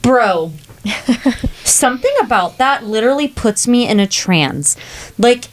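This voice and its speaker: A woman's voice: a little high, animated, slow, a little hiss or hum. A young woman co-hosting a podcast in casual chat, slangy and enthusiastic. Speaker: podcast co-host.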